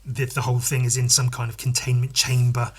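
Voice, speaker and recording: A man's voice: medium pitch, completely flat delivery, fairly quick, breathy edge. A man hosting a podcast, chatting casually and swearing, acting out scenes with sound effects. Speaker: podcast host and comic artist.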